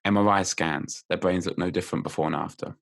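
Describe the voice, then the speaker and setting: Lively man explaining memory tricks. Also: low-pitched, quick pace, vocal fry. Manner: lively and playful, laughs often while explaining. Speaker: podcast guest, memory coach. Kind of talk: explaining memory techniques in casual chat.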